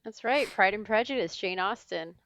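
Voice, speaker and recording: A woman hosting a trivia podcast, reading clues in a brisk, wry way. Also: mid-range voice, a bit bright, no room sound, lo-fi sound. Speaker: quiz host.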